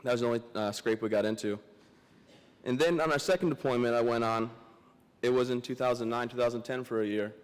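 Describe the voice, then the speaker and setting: Emotional young soldier speaking in a hall. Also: male voice, mid-range voice, clean tone. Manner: joking, self-deprecating, halting. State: emotional, teary. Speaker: guest speaker. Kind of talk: memorial day speech. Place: large memorial hall. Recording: long hall reverb.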